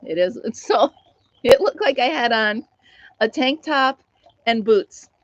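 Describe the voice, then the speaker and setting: A middle-aged American woman runs a relaxed live stream chat, laughing often as she shares a funny story and goes through viewer comments. Her slightly high voice is animated but slow, and the sound has no echo, with the highs cut off.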